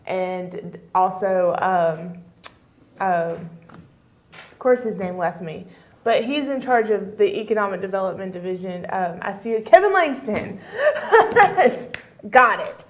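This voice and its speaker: A woman talks casually on a local TV show. She is chatty, laughs often and fills her pauses with many ums. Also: medium pitch, lively intonation. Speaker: chamber of commerce guest. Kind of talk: casual chat. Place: TV studio.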